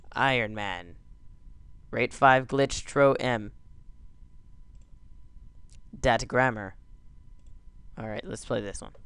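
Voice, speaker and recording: A man's voice: medium pitch, fairly bright tone, smooth, no echo. A man doing goofy gameplay commentary, yelping and joking whenever his character crashes. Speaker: let's play gamer.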